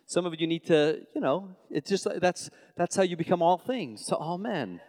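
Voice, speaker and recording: A man from Long Island preaches in a large hall with a long reverb. His fairly high voice jumps between loud, emphatic bursts and hushed, low asides. He often stumbles and restarts as he pushes through his points. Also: animated, normal speed. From New York, Long Island. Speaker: pastor. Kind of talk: sermon.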